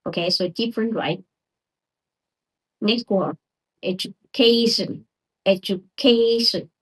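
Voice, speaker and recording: Slow, careful non-native woman teaching. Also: mid-range voice, breathy edge, rough recording. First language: not English. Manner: slow and careful, repeats words and says "okay?" often. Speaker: English learner teaching word stress. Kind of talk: casual lesson.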